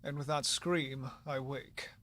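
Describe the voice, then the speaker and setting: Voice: medium pitch, steady tone, takes it slowly, very noisy, close to an everyday voice. A gamer reading as a brooding prosecutor. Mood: grave. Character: brooding male prosecutor narrating inner thoughts. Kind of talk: live game voicing.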